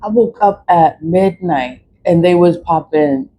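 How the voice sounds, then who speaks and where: A woman's voice: fairly low pitch, a little slow, dark tone, slight background noise, rough recording. Rambling woman vlogging casually. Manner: rambling, repeats phrases, mimics others in quoted asides. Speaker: spiritual vlogger. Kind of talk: casual monologue to camera. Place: high-rise apartment in a city.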